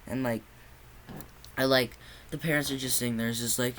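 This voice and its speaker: A man's voice: mid-range voice, steady tone, normal speed, pauses often, a bit bright, poor audio. Young male reviewer, casual and profane, mid-range voice, faint background noise. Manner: profane, exasperated ranting; sarcastic. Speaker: movie reviewer.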